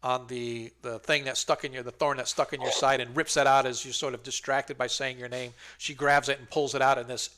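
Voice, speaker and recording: Bright-voiced male game master. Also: mid-range voice, flat delivery, a little fast, hardly any pauses. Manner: rambling, hesitant narration with many fillers. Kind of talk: narrating a tabletop game on a livestream.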